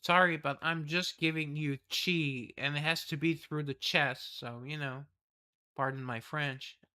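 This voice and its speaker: A man's voice: a little high, steady tone, unhurried, pushed and bright, smooth. A man casually reading a game's story aloud and rambling through asides and self-corrections. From the West. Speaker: game streamer reading the story.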